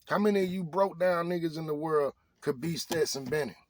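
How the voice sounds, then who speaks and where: A man's voice: on the high side, a little fast, no room sound. Preachy man firing rhetorical questions. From Arkansas. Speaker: vlogger. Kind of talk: motivational rant to camera.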